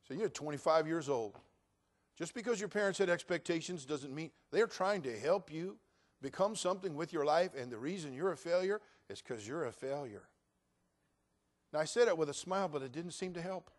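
A middle-aged male pastor preaching a sermon, shifting from quiet storytelling to loud exhortation. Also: fairly high pitch, animated, moderate pace.

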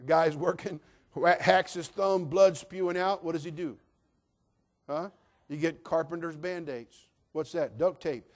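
A man's voice: fairly high pitch, a little slow. Folksy, emphatic preacher man. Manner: folksy, emphatic, swinging from hushed to loud. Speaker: pastor. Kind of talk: sermon.

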